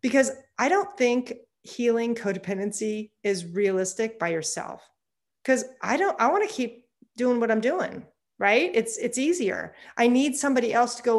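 A woman's voice: medium pitch, normal speed. A woman in her fifties, a psychotherapist guest talking candidly in a conversational interview and laughing often. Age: 50s.

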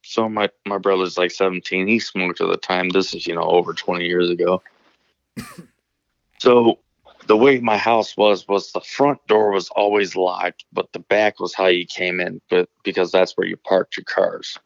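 A man's voice: deep voice, steady tone, moderate pace, creaky, dry recording, muffled recording. A man from Illinois, calling in to a show, telling a story casually, rambling and swearing with many restarts. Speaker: caller telling stories.

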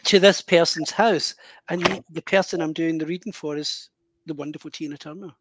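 A middle-aged man, a medium telling an animated personal story in an interview. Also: fairly high pitch, normal speed, noisy background. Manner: animated, vivid anecdotal storytelling with self-interruptions. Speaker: spiritual medium guest. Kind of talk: storytelling in conversation.

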